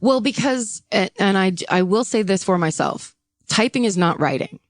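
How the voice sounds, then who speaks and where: A woman's voice: mid-range voice, animated, normal speed, no echo, studio quality. A middle-aged woman co-hosting a podcast, chatting casually with wry, self-deprecating asides. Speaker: podcast co-host. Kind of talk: casual chat.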